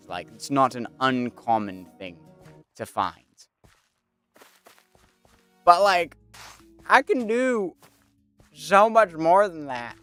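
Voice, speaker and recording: A man's voice: on the high side, a bit bright, smooth. A man streaming a game, chatting casually and rambling with many fillers. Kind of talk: casual commentary while gaming.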